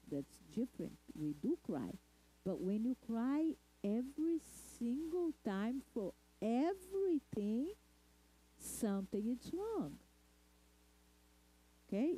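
A woman giving a lecture talk at a spiritist center, speaking deliberately and checking in with the audience. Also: a little high, warm tone, slight background noise, low-quality recording. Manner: deliberate, asks the audience "okay?" often.

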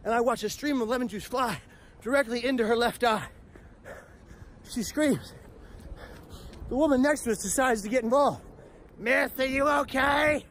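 A man speaker telling a comedic personal story in a punchy, animated way with profane asides. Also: very high-pitched, moderate pace, long pauses, a little hiss or hum. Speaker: motivational speaker.

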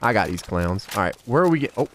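A man giving casual, slangy gameplay commentary as a let's play host, excitable and bantering with game characters. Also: on the low side, fast talker, slight background noise.

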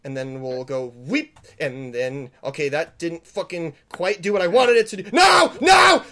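A man playing a video game and commenting, panicky and swearing, pleading with the game and yelling when he fails. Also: a little high, moderate pace. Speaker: gamer. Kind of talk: let's play commentary.

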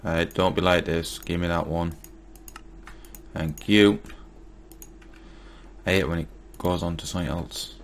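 A man's voice: sits low, fairly even intonation, a little slow, long pauses. A man giving casual Let's Play commentary, muttering to himself and getting mildly exasperated as he crafts. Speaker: gaming YouTuber.

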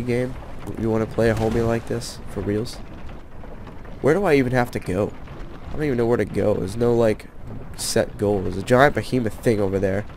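Man, sick, low voice, annoyed game commentary, trash talk, noisy background. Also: a little mellow. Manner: exasperated, trash-talks enemies, keeps voice down. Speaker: let's play commentator. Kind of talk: gameplay commentary.

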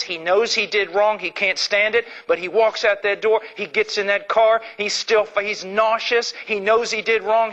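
Impassioned high-voiced male preacher. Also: bright, forceful tone, poor audio. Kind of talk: sermon.

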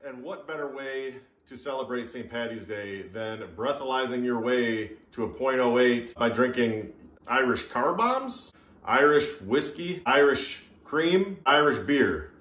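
A man with a medium-pitched, slightly bright voice vlogs casually to the camera, chatty and poking fun at himself as he talks to himself. It's a laid-back drinking vlog recorded in an echoey room, with Irish music playing in the background.

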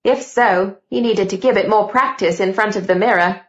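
A woman narrating an audiobook with clear, steady storytelling. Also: mid-range voice, moderate pace, dull audio. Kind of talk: scripted narration.

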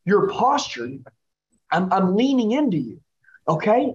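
A man's voice: high-pitched, very animated, normal speed, darkish tone, muffled recording. A man running a live sales training, coaching a trainee with intense, repetitive questions. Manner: intense, coaching, repeats the listener's name.

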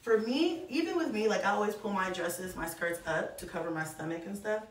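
A woman's voice: mid-range voice, animated, brisk. A woman in her thirties, a mother chatting effusively to camera as she shows off a shopping haul and calls her viewers y'all. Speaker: vlogger reviewing a shopping haul. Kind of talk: casual chat to camera. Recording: echoey room, mic at a distance.

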